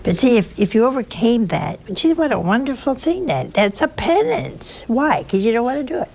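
A woman's voice: fairly high pitch, big pitch swings, moderate pace, darkish tone. A woman giving an informal sermon, telling chatty, teasing stories with a folksy touch. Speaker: religious speaker.

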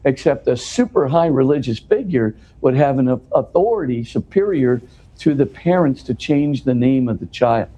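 A man's voice: medium pitch, expressive, moderate pace, dark tone. A man speaking as an interview guest, explaining at length in an earnest, conversational way and often restarting his words.

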